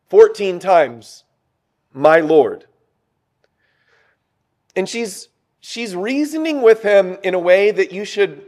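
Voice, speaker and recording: A man preaching a sermon, lively and full of rhetorical questions to the congregation. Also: high-pitched.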